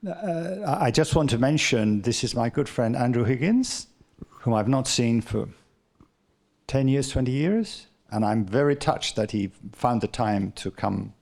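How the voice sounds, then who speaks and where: Gravelly, husky-voiced man giving a book talk. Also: medium pitch, darkish tone. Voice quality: halting, repeats words often. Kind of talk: rambling anecdotal talk. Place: live literary festival event.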